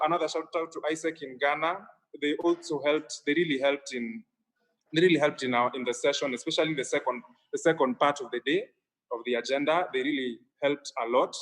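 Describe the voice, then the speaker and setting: A young man co-hosts a live online event in an upbeat, grateful way. His voice sits a touch high for a man, and he sometimes restarts his sentences. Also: a bit bright, rough recording. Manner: upbeat, thankful, a little halting. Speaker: conference co-host.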